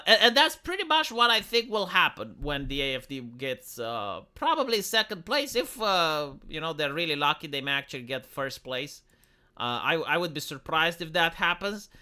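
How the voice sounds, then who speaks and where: Male live streamer, higher pitch, rambling and sarcastic, fillers everywhere. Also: pushed and bright, clear, resonant tone. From Romania. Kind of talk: casual political commentary.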